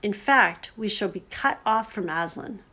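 A woman's voice: mid-range voice, expressive, measured pace, bright, forceful tone, breathy edge, exaggerated voice. Homely anxious male beaver, grave and emphatic, storybook reading, voiced by a woman.

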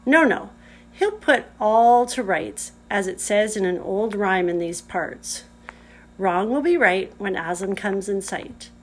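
A woman's voice: mid-range voice, animated, slow pace. A woman reading aloud, voicing a gloomy, homely male beaver with a rustic, earnest way of talking. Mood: confident.

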